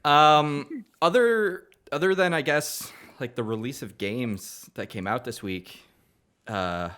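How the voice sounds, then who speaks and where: A man hosting a video game podcast in casual chat, animated and swearing freely, with frequent laughs. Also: medium pitch, slow. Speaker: podcast host.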